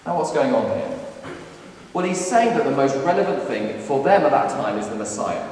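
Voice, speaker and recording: A man giving a lively lunchtime talk to students, acting out quotes with playful humor. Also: medium pitch, moderate pace, a little hiss or hum. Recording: echoey hall, recorded from a distance.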